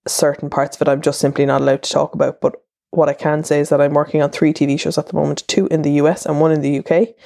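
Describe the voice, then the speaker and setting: Warm and low, the voice belongs to a thirty-something Irish woman who hosts a podcast and writes a column. She rambles chattily, wandering off and cutting herself off to restart, with no echo and clean studio sound.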